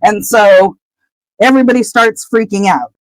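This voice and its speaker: A woman co-host recaps a book chapter in loose, chatty talk, often laughing and brushing details aside. Her voice sits at an ordinary pitch and sounds dry and close to the mic. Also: normal speed, no echo, rough recording. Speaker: podcast co-host.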